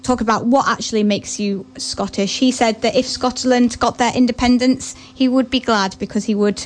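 A woman's voice: fairly high pitch, fairly even intonation, moderate pace. A young woman presenting on the radio, chatting casually and a bit flustered, often laughing at herself. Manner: chatty, giggly, self-deprecating.

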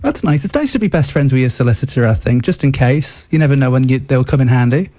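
A man's voice: medium pitch, animated, quick pace, warm tone. Playful man hosting a radio quiz. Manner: playful, jokey, mock-formal. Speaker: radio host. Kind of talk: comic radio quiz banter.

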